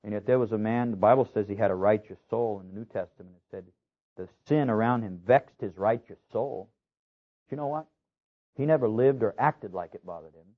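A male pastor preaching a sermon, emphatic, building his phrases up to loud, rising peaks. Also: on the low side, fairly quick, narrow, tinny audio.

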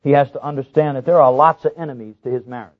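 A man preaching a sermon as pastor. He tells stories with sudden rises in pitch and repeats key phrases for emphasis. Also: quick pace. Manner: storytelling with lively rises in pitch. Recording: tinny, phone-like sound.

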